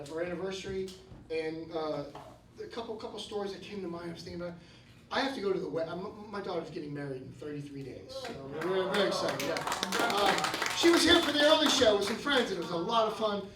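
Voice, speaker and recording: A man in his fifties telling stories in a stand-up comedy set, breaking into shouted rants. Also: sits high, lively intonation, fast talker, slight background noise. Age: 50s. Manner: storytelling, bursts into shouted rants. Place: comedy club stage. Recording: roomy club sound from a distance. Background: audience laughing.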